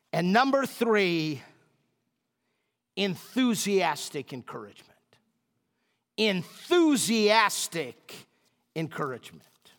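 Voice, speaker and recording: A male pastor delivers a sermon in a high, light voice. He takes his time, lingering on repeated words for emphasis. His voice trails into the long reverb of a large church. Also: a bit bright. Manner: storytelling, emphatic repetition.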